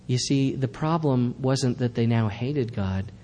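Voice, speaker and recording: A male pastor delivers a sermon in a church, pressing his points with earnest, emphatic repetition. His voice is mellow and warm, and a faint rumble sits underneath it. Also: measured pace, long reverb tail.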